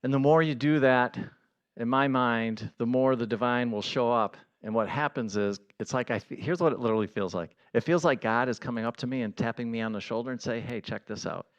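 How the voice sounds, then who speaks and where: A man giving a conversational sermon as a pastor, earnest and building to excited emphasis. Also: mid-range voice, brisk, clear, resonant tone, dull audio.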